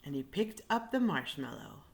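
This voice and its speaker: A woman reading a picture book aloud in an animated way, pointing out the pictures to her listeners. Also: low voice, normal speed, creaky. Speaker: reader.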